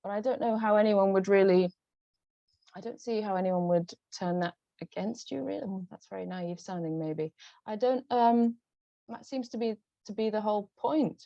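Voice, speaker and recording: Hesitant Northern English woman, dark voice. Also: mid-range voice, normal speed, vocal fry, no echo. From Northern England. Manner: hesitant, many restarts and ums. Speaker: novelist guest. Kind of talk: conversational book talk. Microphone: video call. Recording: dull lo-fi video call audio.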